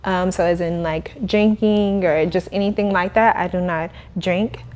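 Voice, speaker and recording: Animated woman telling her story. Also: on the low side, measured pace, a little hiss or hum. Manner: animated, laughing, acts out quoted dialogue. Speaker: guest, cleaning business owner. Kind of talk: casual interview storytelling.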